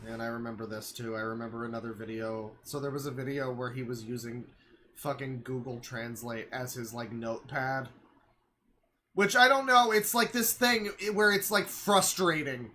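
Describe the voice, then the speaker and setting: A young adult streamer giving live reaction commentary on a video, ranting in exasperation, swearing, and breaking into shouts. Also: mid-range voice, normal speed, slight background noise.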